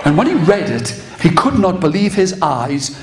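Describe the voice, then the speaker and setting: A middle-aged man telling a story live to an audience, animated and playful, drawing listeners in. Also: sits high, moderate pace, gravelly. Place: live performance venue with audience. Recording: echoey live room with crowd noise.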